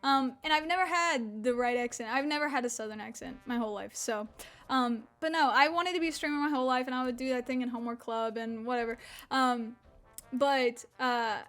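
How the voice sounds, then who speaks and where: A young woman of about twenty from Mississippi rambles on a stream, swearing and laughing in an unusual slack-jawed accent. Her high-pitched voice is fairly bright at normal speed, with soft background music playing.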